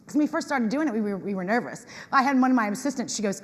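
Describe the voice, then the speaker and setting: A woman giving a lively talk to an audience, acting out customers in quoted voices. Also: mid-range voice, rapid-fire, few pauses. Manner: animated, acts out tenants in quoted voices. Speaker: conference speaker on property management. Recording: reverberant hall.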